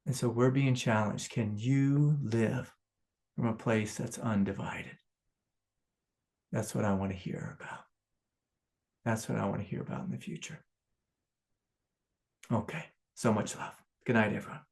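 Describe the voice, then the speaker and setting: A man, a spiritual teacher giving a satsang talk, often laughing, swinging from impassioned outbursts to hushed prayer. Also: fairly low pitch, steady tone, unhurried, creaky, long pauses.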